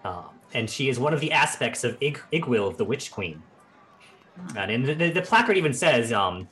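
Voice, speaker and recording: Casting: lively male game master, rambling narration, very expressive pitch. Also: moderate pace. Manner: animated, rambling with fillers.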